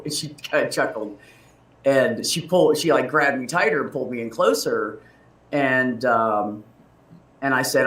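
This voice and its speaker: At a moderate pace, a man with a medium-pitched, slightly bright voice recounts something personal in relaxed conversation. He's open and emotional, rambling with restarts and laughter, recorded from afar in a roomy space.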